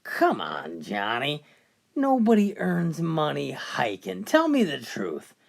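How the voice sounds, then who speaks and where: Woman putting on a fed-up dad in a joke story, pleading, pitch all over the place. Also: wildly swooping pitch, slow pace, creaky, heavily acted. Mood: exasperated. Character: exasperated middle-aged father.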